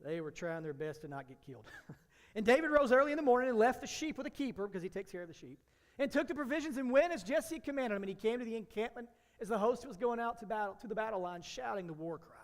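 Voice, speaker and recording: A high-pitched man preaches an animated sermon, slipping into the voices of biblical characters as he tells the story. His voice rings out with a long hall reverb around it. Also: fast talker. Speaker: pastor.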